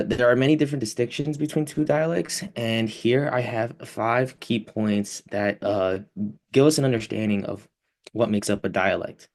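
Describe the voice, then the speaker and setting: A young man explaining a class topic as a student presenter, pausing often with fillers. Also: fairly low pitch, darkish tone.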